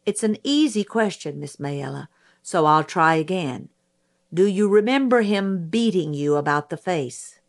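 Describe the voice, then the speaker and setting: A steady middle-aged lawyer pressing his questions slowly and evenly, as a woman reads him in a storybook narration. His tone is dry and detached, never raised. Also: on the low side. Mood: measured. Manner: deliberate, dry, professional questioning. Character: calm, measured middle-aged male lawyer cross-examining.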